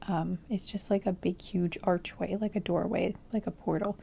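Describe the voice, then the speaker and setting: A woman talking through a tarot reading with a mellow, darkish tone. She rambles and restarts, reaching for the right word, and her voice is wearing thin, so she keeps it low and close to the microphone. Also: fairly even intonation, normal speed, gravelly, slightly rough. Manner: rambling, searching for words with many "like"s and restarts. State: losing her voice. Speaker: tarot reader. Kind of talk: casual tarot reading to camera.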